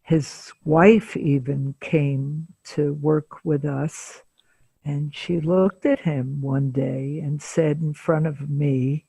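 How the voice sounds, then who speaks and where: An older woman therapist speaks slowly in a gravelly, husky voice, taking her time between phrases. She recounts cases in a calm interview setting. The sound is dry and close. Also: low-pitched, no room sound. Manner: slow, deliberate storyteller with frequent pauses. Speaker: psychotherapist guest. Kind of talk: interview storytelling.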